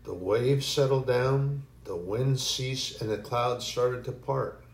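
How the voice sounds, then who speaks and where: A man preaching a sermon in an earnest, animated way. His voice sits in the middle range and rings in an echoey room. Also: medium pitch, takes it slowly, slight background noise. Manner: earnest, animated preaching with sudden bursts of acted panic.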